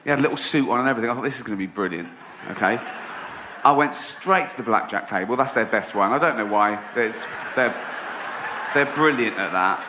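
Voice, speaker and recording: A man's voice: mid-range voice, brisk. A man doing a stand-up comedy set, telling stories in a sardonic, mock-indignant way. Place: theatre stage before a laughing audience. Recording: roomy hall with audience noise.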